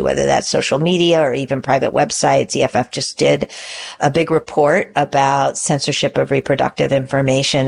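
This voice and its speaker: Low-voiced earnest middle-aged woman. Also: creaky, darkish tone. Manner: earnest, thoughtful, with many fillers. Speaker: guest lawyer. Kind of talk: interview answers.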